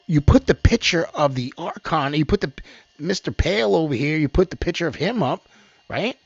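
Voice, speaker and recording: A man's voice: fairly high pitch, lively intonation, moderate pace, vocal fry, husky, dry recording. A man hosting his own news commentary, reading reports aloud and rambling about them with frequent restarts. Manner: rambling, restarts often, mocks what he reads. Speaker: host of a news commentary channel. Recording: dull lo-fi dry recording.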